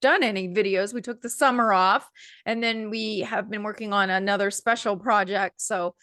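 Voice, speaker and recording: A woman's voice: mid-range voice, steady tone, moderate pace, fairly bright tone, dry recording, clean studio sound. A woman co-hosting a casual chat, nasal and congested from allergies, opinionated and rambling with fillers. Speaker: co-host.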